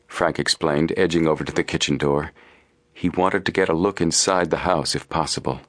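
Deep-voiced man narrating an audiobook. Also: steady tone, moderate pace, a bit bright, no room sound, clean studio sound. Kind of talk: scripted narration.

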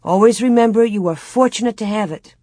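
A woman's voice: on the high side, brisk, mellow, no echo, studio quality, pitched above the performer's own voice, lightly acted. A woman reading aloud, voicing a firm, careful pioneer mother in an audiobook.

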